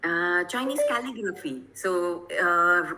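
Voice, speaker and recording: A woman's voice: lowish voice, animated, takes it slowly, noisy background. A woman from Kerala, giving an online lecture to teachers over a video call, explaining things patiently and often checking whether her listeners follow. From Kerala, India. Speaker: guest presenter.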